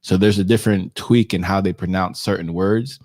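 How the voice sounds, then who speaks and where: Measured male co-host, very low voice, dry close mic, explaining calmly. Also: no room sound. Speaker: podcast co-host. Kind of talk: casual chat.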